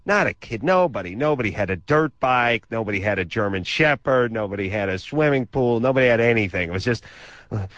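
On a studio microphone with no echo and the highs cut off, a man with a lowish, fairly bright voice speaks briskly with lively intonation. He co-hosts call-in radio, telling comedic, exaggerated, sarcastic stories laced with crude asides.

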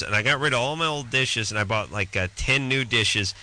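Male talk radio host, bright tone, jokey rambling storyteller. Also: medium pitch, fairly quick, low-quality recording. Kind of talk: casual comedic radio banter.

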